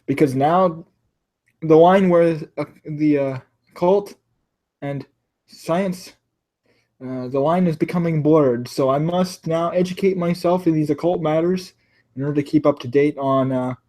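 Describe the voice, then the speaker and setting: A man's voice: fairly high pitch, a little slow, dark tone, natural voice. A man doing a rambling, fussy teacher. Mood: earnest. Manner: hesitant, full of uhs.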